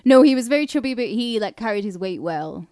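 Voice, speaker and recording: A woman's voice: fairly high pitch, lively intonation, a little fast, a little mellow, no room sound, studio quality. A woman from northern England with a northern English accent, co-hosting a podcast in a giggly, blunt, crude chat. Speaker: podcast co-host.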